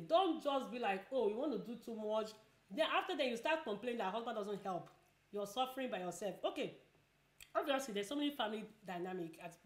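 A woman's voice: medium pitch, reverberant. A woman chatting casually while eating, giving advice and repeating herself a lot. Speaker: vlogger.

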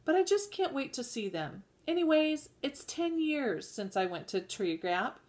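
Sensible farm wife, middle-aged, eager and firm, as a woman reader voices her, slow delivery. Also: sits high, sing-song, a little mellow, pitched above the performer's own voice. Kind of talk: audiobook reading.

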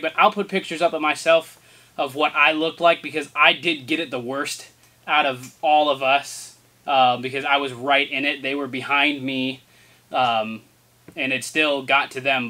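Host: young man, bright, slightly high voice, animated storyteller. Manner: animated, laughing, tumbling over his words. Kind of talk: casual storytelling to camera.

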